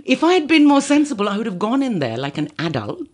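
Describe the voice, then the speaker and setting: Husky woman spinning an anecdote, voice jumps all over the place, laughs a lot. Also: fairly high pitch, fast. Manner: animated, laughing, acts out others' lines. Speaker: podcast guest, actor. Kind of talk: casual storytelling chat.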